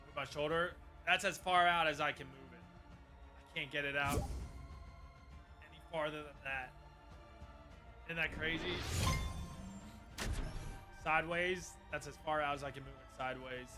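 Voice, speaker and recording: A man's voice: a little high, fairly even intonation, a little slow, long pauses, bright, forceful tone. A man streaming a game live, chatting casually and greeting viewers by name, with faint music behind.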